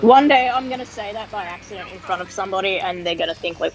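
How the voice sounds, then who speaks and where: A woman's voice: medium pitch, quick pace, rough recording. A woman with an Australian accent, calling in to a stream for a casual chat. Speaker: guest caller.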